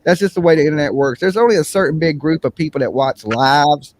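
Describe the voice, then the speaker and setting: A man's voice: fairly high pitch, fast talker. Slangy man chatting on a livestream. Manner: animated storyteller, mimics voices, slangy. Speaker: livestream host. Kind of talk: casual livestream chat. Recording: faint background noise.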